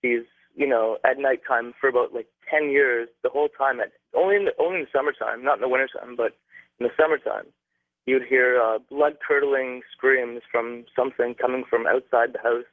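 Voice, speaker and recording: Young male caller from Canada, halting phone storyteller, tinny and dry line. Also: mid-range voice, steady tone, dry recording. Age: young adult. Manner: halting, many fillers and restarts.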